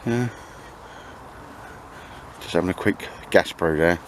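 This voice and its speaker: A man's voice: low voice, slow, slight background noise. A man hosting a vlog, chatting and joking casually outdoors in the woods, calling everyone mate. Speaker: vlog host. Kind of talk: casual banter. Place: outdoors in cold wet woods.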